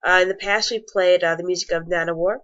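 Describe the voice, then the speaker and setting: A woman's voice: on the low side, fairly even intonation, quick pace, fairly bright tone. A woman co-hosting a podcast in casual chat, rambling and chatty with lots of fillers. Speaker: podcast co-host. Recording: muffled lo-fi podcast audio.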